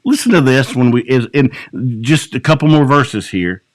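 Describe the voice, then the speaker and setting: A man leading an evening Bible study as a pastor, preaching with passion, dropping to a hush and then climbing to emphatic peaks. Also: mid-range voice, lively intonation, normal speed, no room sound. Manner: impassioned, swings between hushed and rising emphatic preaching. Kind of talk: sermon.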